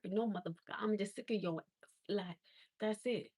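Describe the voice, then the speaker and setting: A livestream host lets loose in a casual rant, her medium-pitched, dark voice moving fairly quickly with no room sound. She comes across as blunt and exasperated, emphatic as her disbelief climbs.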